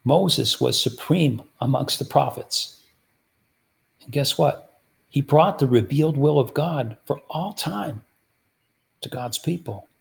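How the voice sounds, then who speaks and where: A man delivers a sermon in a gravelly, creaky voice of middling pitch. He keeps his listeners involved by posing rhetorical questions and then answering them himself. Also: animated, takes it slowly, long pauses. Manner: rhetorical, repeatedly asks the audience "guess what". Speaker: preacher.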